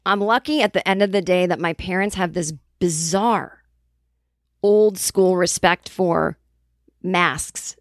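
A woman's voice: fairly low pitch, takes it slowly, no echo, clean studio sound. A woman podcast host telling a casual comedic story, acting out the quoted voices of other people as she goes. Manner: animated, acts out quoted voices.

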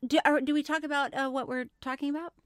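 A woman co-hosts a podcast in relaxed, chatty conversation, giggling easily and letting her sentences trail off. Her voice is slightly high. The recording is close and dry. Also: quick pace, no echo. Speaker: podcast co-host. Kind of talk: casual chat.

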